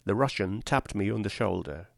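A man narrating a literary novel in a measured, grave, deliberate way. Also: on the low side, creaky, no room sound, clean studio sound. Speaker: audiobook narrator.

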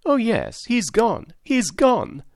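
A man doing a shrill hysterical maid. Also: wildly swooping pitch, normal speed, darkish tone, dry recording, clean studio sound, exaggerated voice. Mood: unhinged. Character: frail hysterical young maid.

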